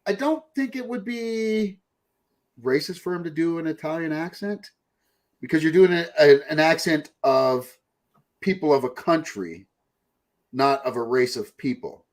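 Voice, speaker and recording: He's a podcast host with a fairly high voice and a measured pace. The chat is casual and rambling, full of swearing and mocking voices.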